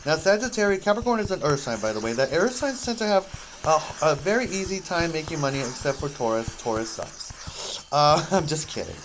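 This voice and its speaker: A man's voice: fairly high pitch, sing-song, a little fast, background noise. Chatty rambling man gaming. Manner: chatty and jokey, drifts between topics, apologetic asides. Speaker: gaming video host. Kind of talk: rambling casual commentary while gaming.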